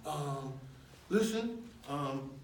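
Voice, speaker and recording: A smooth, persuasive defense lawyer, as a man puts him on, speaks low and hushed, coaxing his client. The voice drops below the man's own and comes from back in an echoey hall. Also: animated, extremely slow, slight background noise. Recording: echoey room, mic at a distance.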